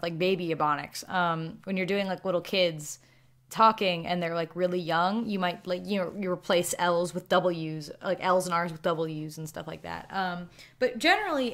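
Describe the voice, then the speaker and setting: A woman with a Southern American accent chats through viewer questions in a loose, rambling way. She often breaks into small laughs between thoughts. Her voice sits a little on the low side. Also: a bit bright. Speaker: YouTuber answering viewer questions. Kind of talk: casual Q&A chat.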